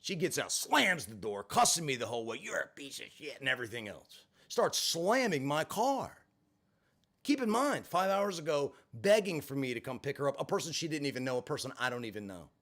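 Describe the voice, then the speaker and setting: A man with a medium-pitched voice talks a little fast as he narrates a personal story for a vlog. He swears without restraint and drops in sarcastic asides, keeping it expressive and animated.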